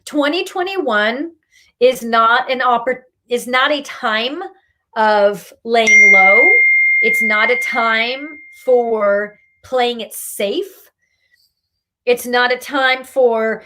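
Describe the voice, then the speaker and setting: A woman's voice: fairly high pitch, drawn-out words, pauses often, pushed and bright. Emphatic woman giving a tough-love card reading. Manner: emphatic, scolding, tough-love delivery with laughs. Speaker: spiritual reader and meditation host. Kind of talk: live-streamed card reading.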